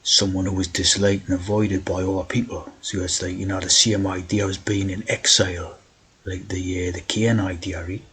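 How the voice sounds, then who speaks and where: A man's voice: sits low, level tone, moderate pace, a bit bright, a little hiss or hum, low-quality recording. A man talking in a rambling monologue, tagging his points with "right?". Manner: meandering, keeps asking "right?". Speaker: video host.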